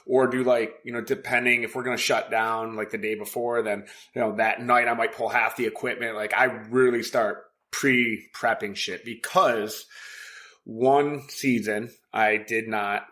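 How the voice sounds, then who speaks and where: A man's voice: medium pitch, fairly even intonation, measured pace, pushed and bright. Profane, rambling male podcast co-host. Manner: frequent fillers and laughter. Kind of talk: casual podcast chat.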